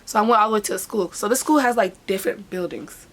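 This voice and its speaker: A woman hair braider telling a story in a casual, animated vlog. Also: medium pitch, quick pace. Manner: animated storytelling, talks with hands.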